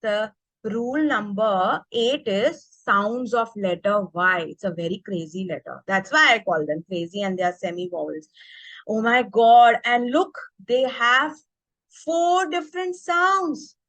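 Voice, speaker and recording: A woman's voice: mid-range voice, unhurried, fairly bright tone, no room sound, rough recording. A woman leading an online teacher workshop. She speaks with energy and keeps checking in with the group by asking "okay?". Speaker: teacher trainer. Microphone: video call.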